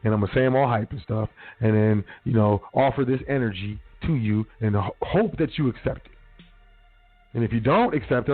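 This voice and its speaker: A man hosting a casual solo radio talk show speaks briskly at a medium pitch. He talks down to his listeners bluntly with street slang and profanity, and the line sounds phone-quality with faint music.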